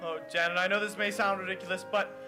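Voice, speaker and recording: A man's voice: high voice, level tone, fast talker, music in the background, natural voice. A young man in a school musical playing an earnest, pleading groom. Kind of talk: high school musical stage acting.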